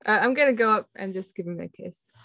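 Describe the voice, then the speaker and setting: A woman's voice: mid-range voice, quick pace, gravelly, a bit bright, no room sound. A woman player bantering playfully in character during a tabletop game. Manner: playful, giggly.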